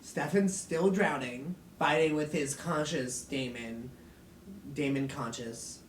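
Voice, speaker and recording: A man's voice: fairly high pitch, takes it slowly, slight background noise. A man recapping a TV episode in a rambling, filler-heavy, sweary way, acting out bits of dialogue. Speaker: video host recapping an episode. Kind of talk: casual recap vlog. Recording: roomy echo from a distant mic, faint music.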